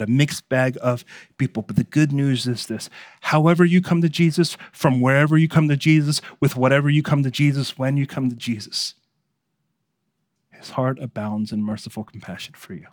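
A man's voice: mid-range voice, no room sound. Earnest preaching man, dry close sound. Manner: earnest preaching, swings from hushed to emphatic. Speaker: pastor. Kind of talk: sermon.

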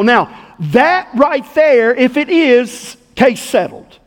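A man's voice: very high voice, very animated, takes it slowly. Male pastor, folksy sermon storyteller, lots of echo.

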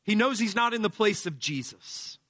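Emphatic, bright-voiced male preacher. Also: sits high, lively intonation, normal speed, no echo. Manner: emphatic, methodical teaching with numbered points. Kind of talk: expository sermon.

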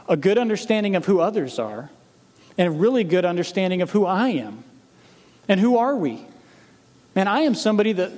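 A man preaching as a pastor, speaking earnestly to his congregation and reading scripture slowly with emphasis. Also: high voice, a little mellow. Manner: earnest, direct appeals to the congregation. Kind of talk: sermon. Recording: long hall reverb.

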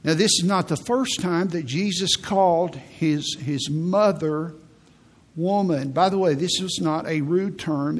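Husky-voiced man preaching with emphasis. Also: on the high side. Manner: emphatic, repeats phrases for stress. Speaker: pastor. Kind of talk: sermon.

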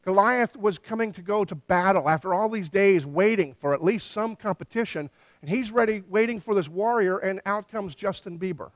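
A man delivers a sermon with a slightly higher pitch than most men, and his voice is captured dry and close with little room sound. He tells the story with animated energy and briefly acts out the quoted lines. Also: normal speed, dry recording. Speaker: pastor.

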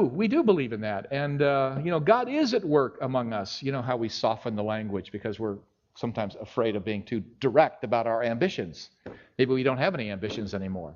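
Heard through a dull lo-fi recording, a middle-aged man delivers a sermon built around a story. Speaking in a mid-range voice, he brings it to life by acting out each quoted speaker.

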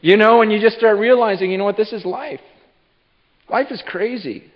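A man in his thirties preaching a sermon, halting and repeating words, telling stories with lively acted-out asides. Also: sits high. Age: 30s. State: short on sleep. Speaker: pastor. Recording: dull sound with long hall reverb.

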